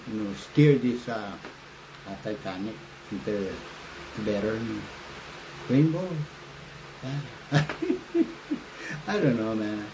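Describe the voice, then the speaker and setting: An older man from the Northern Mariana Islands hosting a political livestream, talking in a rambling, halting way with lots of fillers. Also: mid-range voice, warm tone, slight background noise, poor audio. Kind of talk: casual livestream talk. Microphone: phone or webcam livestream.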